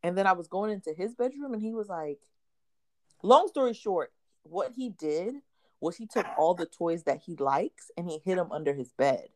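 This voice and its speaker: In a relaxed conversation she co-hosts, this woman spins stories at a normal speed, her voice on the low side. She acts out the quotes with real animation and laughs frequently.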